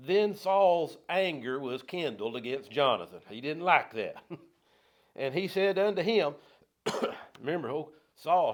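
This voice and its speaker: Folksy man teaching scripture. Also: on the high side. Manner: folksy, reads scripture then paraphrases in plain talk, rising loud on quotes. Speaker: Bible study teacher. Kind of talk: verse-by-verse Bible teaching. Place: church.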